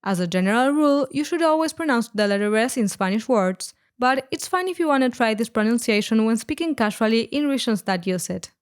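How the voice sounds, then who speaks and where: A woman narrating a scripted language lesson, explaining words clearly and slowing down on each example. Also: fairly high pitch, animated. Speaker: Spanish teacher.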